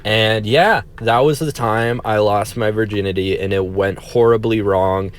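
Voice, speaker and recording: A man's voice: fairly low pitch, steady tone, unhurried, smooth. Candid, swearing young guy telling a story. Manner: candid, profane, self-deprecating. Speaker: vlogger. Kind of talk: casual storytime vlog.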